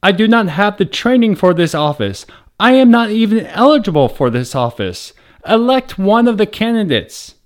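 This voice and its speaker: A man voicing an earnest governor shouting over a crowd. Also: on the high side, lively intonation, a little slow. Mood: pleading. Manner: urgent, raised pleading shouts.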